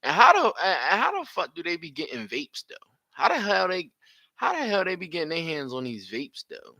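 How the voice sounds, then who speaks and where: A man reacts to a video with blunt, profane commentary. His voice is bright and lively, swinging widely in pitch, and the sound is close and dry. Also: a little fast, creaky, no room sound. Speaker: live reaction streamer.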